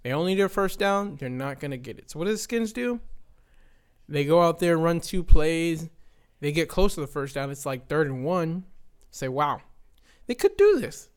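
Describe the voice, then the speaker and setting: A man in his twenties hosts a casual podcast and retells a game in a long, exasperated rant. His voice sits a little high for a man, and he keeps tagging his sentences with "right?" as he talks. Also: moderate pace, clear, resonant tone. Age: 20s. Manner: exasperated storytelling with many "right?" tags. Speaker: podcast host.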